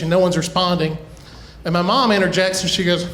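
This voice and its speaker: A middle-aged man doing a stand-up comedy set, telling a family story with quick asides and chuckles. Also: sits high, steady tone, fairly bright tone. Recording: echoey live room.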